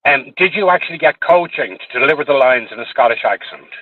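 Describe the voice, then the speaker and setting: A man hosting a casual interview chat, relaxed and chatty. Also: medium pitch, fast, dry recording. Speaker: host. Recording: tinny phone-like line, dry.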